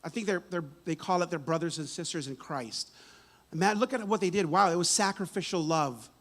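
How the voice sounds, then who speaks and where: A man's voice: fairly high pitch, a little fast, a bit bright. A man preaching a church sermon in a casual, conversational way, often restarting words and checking in with "right?". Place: church sanctuary.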